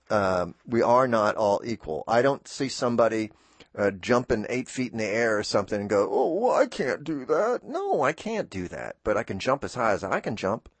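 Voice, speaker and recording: Low-voiced male radio host, heartfelt. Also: no room sound. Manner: rambling, heartfelt, self-interrupting. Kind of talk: reflective farewell monologue on radio. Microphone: radio studio microphone.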